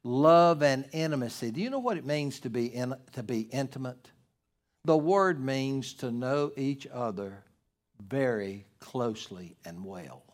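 A man preaching a sermon, emphatic, repeating key words and building to loud climaxes. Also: mid-range voice, lively intonation, unhurried. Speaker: pastor.

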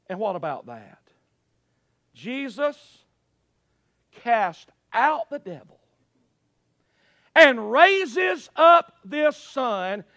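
A pastor preaching with a strikingly high voice for a man. His pitch leaps around with lively swings, and he drops from loud cries to hushed low phrases. The sound is close and dry. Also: no echo, muffled recording. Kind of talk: preaching a sermon. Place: church service.

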